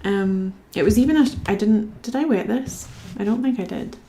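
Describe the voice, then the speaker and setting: A woman's voice: medium pitch, moderate pace, mellow, a little hiss or hum. A young woman from Scotland chatting casually to her live-stream viewers while she colours, reading out their comments and talking to herself as she works.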